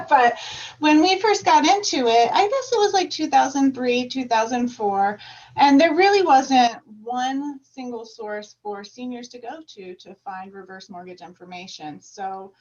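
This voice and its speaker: Animated woman on a distant call. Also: a little high, normal speed. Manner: lively, laughs often, gets loud when amused. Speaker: guest. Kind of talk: casual interview chat. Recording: distant, dull remote mic.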